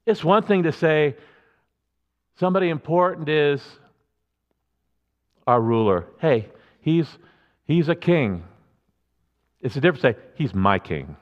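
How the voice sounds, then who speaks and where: A man's voice: on the high side, lively intonation, a little slow, long pauses, big-room sound, muffled recording. A man preaching a sermon as a pastor, in a conversational, emphatic way with many restarts.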